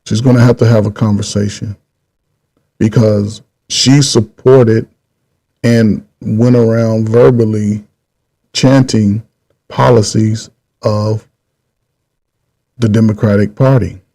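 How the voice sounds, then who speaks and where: Gravelly, dark-voiced man rambling on. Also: on the low side, steady tone. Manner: rambling, repeats himself, drawn-out pauses. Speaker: channel host. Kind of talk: casual political commentary.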